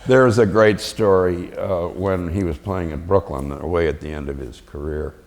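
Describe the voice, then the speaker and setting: A man's voice: sits low, moderate pace, darkish tone, long reverb tail. An older man, a veteran, telling chuckling anecdotes in an oral history interview and acting out the voices he quotes.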